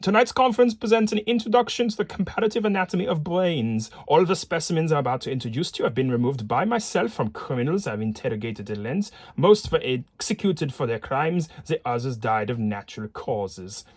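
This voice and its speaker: A man's voice: fairly high pitch, expressive, a little fast, hardly any pauses, dry recording, pitched above the performer's own voice. A man voicing a proud, robust male Viennese professor of brain anatomy, with a put-on Viennese accent that drifts toward German and a formal, lecturing delivery. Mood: pompous. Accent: put-on Viennese accent that comes out a bit German.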